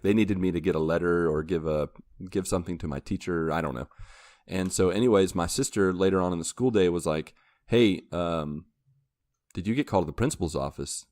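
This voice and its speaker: A man's voice: deep voice, darkish tone, dry recording, studio quality. A young man hosting a podcast, telling a long story in casual chat, acting out quotes and laughing along the way. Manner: rambling anecdote with laughs and acted quotes. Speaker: podcast host.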